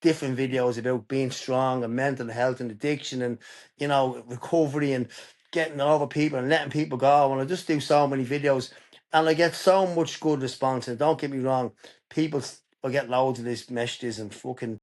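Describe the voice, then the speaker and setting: A man's voice: mid-range voice, steady tone, a little fast, a little mellow. Earnest Irish man telling his story. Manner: earnest, emphatic, tells stories openly. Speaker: podcast guest. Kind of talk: candid personal storytelling.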